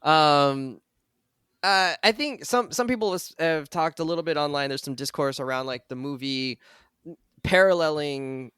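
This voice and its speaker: A man's voice: a little high, measured pace, fairly bright tone, smooth, no echo, clean studio sound. A man co-hosting a podcast in casual chat, laid-back and joking. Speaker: podcast co-host.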